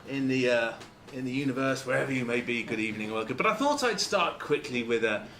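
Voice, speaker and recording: A man from Lancashire giving an informal talk to a club, halting and full of fillers and restarts. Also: mid-range voice, animated, bright, forceful tone, slight background noise. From Lancashire, England. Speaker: guest speaker.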